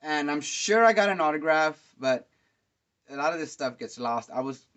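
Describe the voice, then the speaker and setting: A man hosting a podcast, telling concert stories in a rambling, excitable way, full of fillers and slang. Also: a little high, normal speed. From Dallas, Texas. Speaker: podcast host. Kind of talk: casual storytelling monologue. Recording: dull lo-fi sound.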